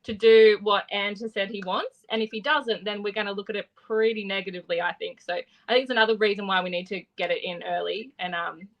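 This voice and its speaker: A woman with an Australian accent, chatting on a fan podcast panel in a relaxed way, thinking aloud as she talks. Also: medium pitch, a little fast, hardly any pauses, poor audio. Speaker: co-host panelist. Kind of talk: casual podcast chat.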